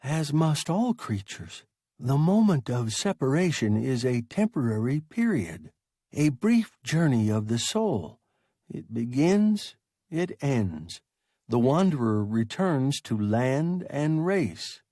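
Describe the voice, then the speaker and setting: A man voicing a large, calm and philosophical alien creature that speaks in a measured, reasonable way. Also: mid-range voice, no room sound, studio quality. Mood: calm reasoning.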